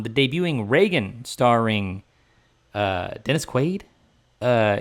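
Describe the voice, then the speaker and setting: A man in his thirties with a slightly low voice co-hosts a casual movie podcast. He is chatty and laughs easily, running through box office numbers and stories about his son in a relaxed way. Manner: chatty, laughs often, retells his son's reactions. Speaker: podcast co-host.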